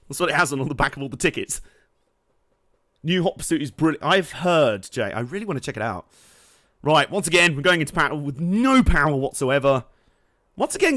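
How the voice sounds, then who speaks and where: A man's voice: fairly high pitch, pushed and bright, no room sound. A man giving jokey, sweary live commentary over a racing game he streams, laughing often. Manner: joking, sweary, laughs a lot. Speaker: let's play streamer. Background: racing game music and engine noise.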